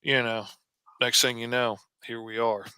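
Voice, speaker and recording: A man's voice: mid-range voice, level tone, measured pace, bright, forceful tone, clean tone, no room sound, studio quality. A man co-hosting a livestream, joking and telling a laid-back story in casual chat. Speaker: co-host.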